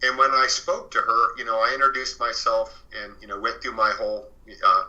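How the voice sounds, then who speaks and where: A man speaks as a guest on a radio show. His voice is strikingly bright and sharp at a middle pitch. He tells a true story in a loose, rambling way, filling the gaps with "you know" and starting sentences over. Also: flat delivery, normal speed, dull audio. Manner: rambling, fills with "you know" and restarts, retells others' words. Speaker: guest author recounting a haunted house. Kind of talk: casual spoken storytelling. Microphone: phoned or studio radio interview.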